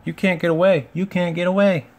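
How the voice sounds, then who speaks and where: A chorus of cross, impatient railway coaches from a children's storybook, as a man reading aloud puts them on. They nag in a sing-song chant, raised high above the reader's own low voice. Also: fairly even intonation, fairly quick, a little mellow.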